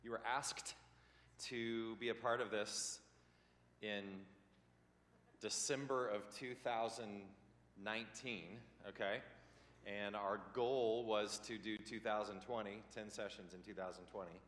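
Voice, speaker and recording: A man's voice: lowish voice, steady tone, measured pace, fairly bright tone. A man leading a church leadership class in a loose, rambling teaching style, full of ums and self-corrections. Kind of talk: casual teaching talk. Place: church meeting room. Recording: roomy hall with long reverb.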